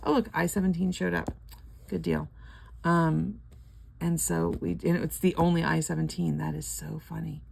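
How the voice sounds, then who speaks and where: A woman's voice: deep voice, fairly even intonation, normal speed, vocal fry, a little mellow, slight background noise. An older woman chatting casually and rambling at home while scratching lottery tickets, laughing often.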